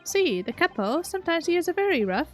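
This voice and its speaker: A woman's voice: extremely high pitch, big pitch swings, fairly quick, faint music behind, pitched above the performer's own voice. A woman voicing a boisterous male criminal boss with a put-on Italian accent, swaggering and sing-song.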